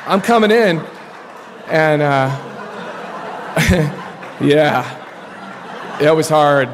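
A man in his thirties speaks from a podium in a large hall, telling his personal story in a loose, slangy, animated way. His voice sits a little high for a man, and a long reverb trails each phrase. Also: extremely slow, noisy background. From Colorado. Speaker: speaker sharing his story at a recovery meeting. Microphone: podium mic.

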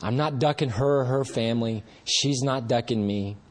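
A man's voice: mid-range voice, normal speed. A man giving a personal recovery testimony at a meeting, earnest and rambling, talking in a conversational way with frequent restarts. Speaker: speaker sharing recovery story.

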